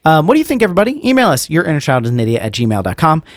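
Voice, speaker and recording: A man's voice: fairly high pitch, huge pitch swings, very fast, dry recording. Podcast guy rambling along, voice swings up and down a lot, super dry sound. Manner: rambling, hedging with fillers, joking. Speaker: podcast co-host. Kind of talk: casual podcast chat.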